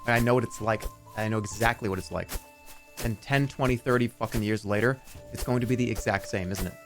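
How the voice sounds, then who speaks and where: A man streaming live in casual chat, rambling and swearing, and now and then acting out scenes in loud put-on voices. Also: lowish voice, fast, faint music behind.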